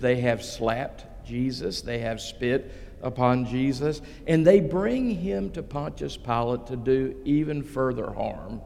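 Gravelly-voiced male pastor preaching in a hall. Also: medium pitch, a little mellow. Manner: slow dramatic retelling with quoted voices. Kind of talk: sermon.

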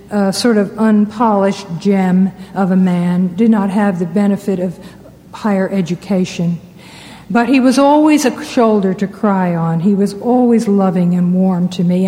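Warm-voiced woman preaching in a hall. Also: medium pitch. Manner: warm, anecdotal storytelling. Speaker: Christian speaker. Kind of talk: storytelling sermon talk. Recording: long hall reverb.

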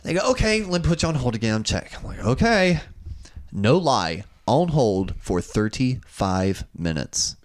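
A man's voice: medium pitch, very animated, unhurried. A young man telling a long, profane, exasperated story in casual chat, acting out both sides of customer service calls.

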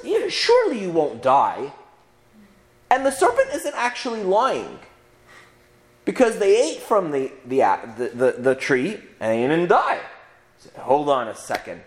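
A man, a priest, giving a conversational Bible teaching, with many restarts and frequent "right?" asides to his listeners. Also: sits high.

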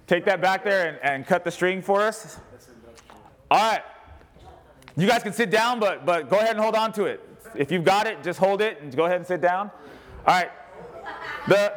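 High-voiced lively man leading a crowd. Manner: lively, joking, calls out to the crowd. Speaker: church speaker leading a group activity. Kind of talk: energetic interactive sermon.

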